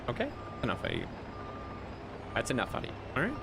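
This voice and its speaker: A man's voice: mid-range voice, huge pitch swings, fast, heavy background noise. A man streaming a game live, chatting casually and teasingly scolding his chat while he plays. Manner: bantering, scolds and teases chat.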